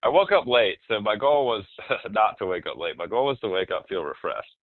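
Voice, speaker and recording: A man in casual podcast chat, telling rambling, animated stories and swearing often. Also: on the low side, normal speed, dry recording, narrow, tinny audio.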